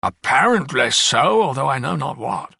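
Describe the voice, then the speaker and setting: A man playing an older male coroner who speaks slowly and gravely. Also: mid-range voice, sing-song, sharp tone, no room sound, clean studio sound, exaggerated voice.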